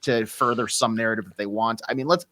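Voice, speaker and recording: A man in casual podcast talk, pushing back quickly and reasonably. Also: on the low side, pushed and bright, no room sound. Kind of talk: casual talk show banter.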